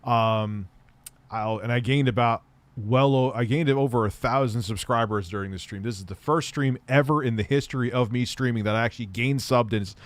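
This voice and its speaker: A man's voice: mid-range voice, no room sound. A man hosting a livestream, answering viewer questions in a blunt, offhand way and swearing often. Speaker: livestream host.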